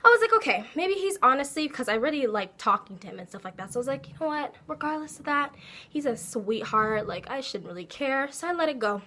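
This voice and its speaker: A young woman telling a casual storytime, animated and laughing as she acts out her own quotes. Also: sits high, quick pace, slight background noise. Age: young adult. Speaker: vlogger.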